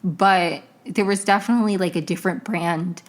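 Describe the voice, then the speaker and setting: A woman's voice: lowish voice, fairly even intonation, normal speed. A young woman hosting a podcast, recapping a TV episode in a rambling, chatty way full of tangents and self-corrections. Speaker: podcast host.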